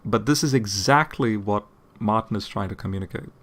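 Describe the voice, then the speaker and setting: A man with a somewhat low voice talks through a point in relaxed, explanatory commentary. He restarts phrases and repeats words as he goes, and often stops to ask "okay?" before moving on. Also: brisk. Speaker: apologetics channel host.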